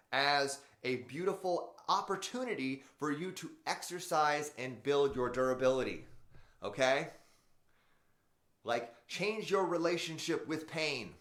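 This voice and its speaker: A man's voice: fairly high pitch, a bit bright. Emphatic man hosting a motivational live stream. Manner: emphatic, swears, addresses live viewers. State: in pain, wearing back brace. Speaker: motivational show host. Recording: roomy echo.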